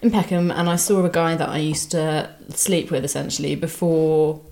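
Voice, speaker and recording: A woman's voice: low-pitched, fairly even intonation, moderate pace, dark tone. A young woman co-hosting a podcast, telling stories casually with lots of "like" and some swearing. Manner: chatty storyteller, swears, lots of "like". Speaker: podcast co-host. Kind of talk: casual chat.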